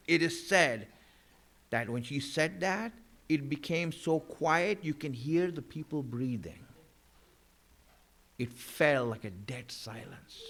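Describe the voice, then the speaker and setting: A man's voice: fairly high pitch, very animated, slow, fairly bright tone. A man delivering a mourning sermon in a conversational way, with many fillers and restarts, at a mosque. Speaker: religious speaker. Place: mosque hall.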